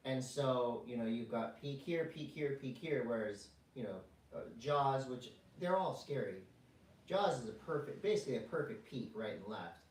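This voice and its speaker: A man's voice: mid-range voice, moderate pace, recorded from a distance. Podcast co-host, male, rambling and jokey, recorded a bit off-mic in a roomy space. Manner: jokey, rambling, deadpan asides. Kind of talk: casual chat.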